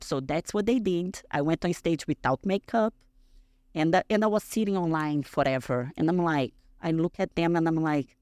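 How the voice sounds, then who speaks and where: A woman in her thirties from Brazil, speaking English with a Brazilian accent as a podcast guest, telling a story in an animated way and acting out the other people in it. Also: deep voice, moderate pace, no room sound, clean studio sound. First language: Portuguese. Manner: animated, acts out quoted dialogue in a raised voice. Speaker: guest athlete. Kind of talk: casual interview storytelling.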